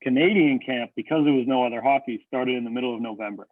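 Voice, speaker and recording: A man's voice: mid-range voice, fast, dry recording. A young man co-hosting a casual sports podcast, laying out his points one by one in an analytical way. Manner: analytical, breaks down points in order. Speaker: podcast co-host. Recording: tinny phone-like line, dry.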